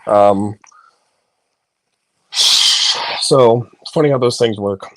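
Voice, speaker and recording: A man's voice: mid-range voice, very slow, fairly bright tone. Man, casual chat, phone in bed, profane, rambling, laughing.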